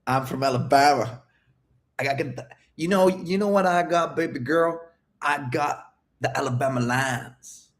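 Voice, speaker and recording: A man's voice: a little high, a little slow. A man voicing a cocky Southern American man who boasts about his flirting lines.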